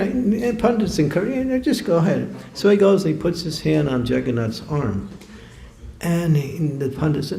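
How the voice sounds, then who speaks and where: A man's voice: medium pitch, creaky, warm tone. A man giving a storytelling lecture at a temple program, chuckling often and repeating words as he goes. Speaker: guest speaker at a temple program. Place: temple hall. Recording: echoey hall recording.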